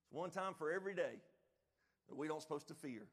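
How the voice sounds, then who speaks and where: A male pastor preaching a sermon, emphatic, checking in with the congregation and shouting out now and then. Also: on the high side, lively intonation, a little fast. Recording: long reverb of a church hall.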